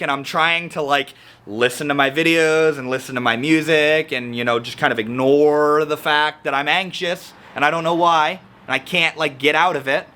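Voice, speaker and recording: A man's voice: medium pitch, bright, forceful tone. A man talking about his week in a casual personal vlog, rambling with slang and frequent restarts. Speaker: vlogger.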